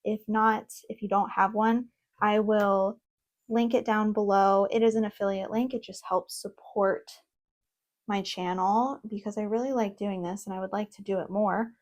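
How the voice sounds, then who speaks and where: A young woman in a casual vlog, reviewing an oracle deck at home, reading card meanings aloud between excited, chatty asides and laughs. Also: medium pitch, normal speed. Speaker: tarot content creator. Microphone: own microphone.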